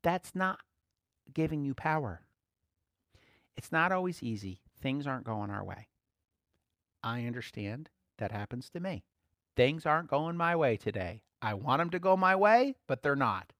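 Guy preaching in a laid-back chatty way, middle pitch, dry close sound, chuckles a lot. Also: unhurried, long pauses, dry recording. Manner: relaxed, chuckles often, repeats key phrases. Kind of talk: conversational teaching.

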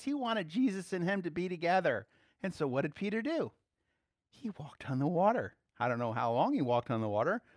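A man's voice: sits high, no echo, clean studio sound. A man giving a casual, playful sermon, laughing often as he speaks. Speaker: preacher.

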